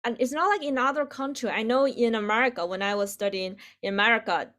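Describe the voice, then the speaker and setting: A woman's voice: fairly high pitch, quick pace, a bit bright. A woman from Beijing, teaching a class over a video call in a chatty way, laughing often and filling her speech with "like". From Beijing, China. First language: Mandarin Chinese. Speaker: Chinese teacher. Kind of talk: online language lesson.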